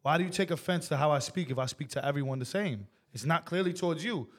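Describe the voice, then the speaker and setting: A man's voice: fairly high pitch, lively intonation, fast talker, fairly bright tone. A man co-hosting a podcast, talking bluntly and emphatically and swearing freely in casual chat. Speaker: podcast co-host.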